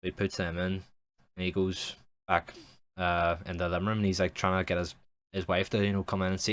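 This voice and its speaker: A man's voice: low-pitched, flat delivery, brisk, fairly bright tone. A young man improvising a comic story as a streamer, rambling and swearing, with many restarts.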